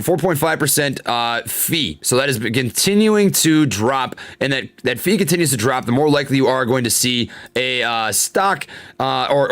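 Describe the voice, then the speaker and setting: Streaming his stock trades live, a young man with a medium, fairly bright voice talks casually over the charts. He reads his chat aloud and airs his frustration, cursing and then laughing about it.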